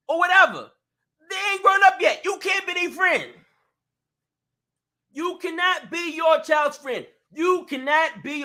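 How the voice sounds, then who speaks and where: A man's voice: very high voice, sharp tone. A man hosting a talk stream, ranting in an emphatic, repetitive way. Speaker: host. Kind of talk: ranting commentary.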